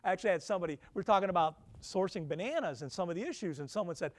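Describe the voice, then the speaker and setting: A man's voice: high-pitched, expressive, racing. A man, a professor, giving a conversational lecture to alumni, peppering the room with questions and self-deprecating asides. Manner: conversational, quizzing the audience with questions.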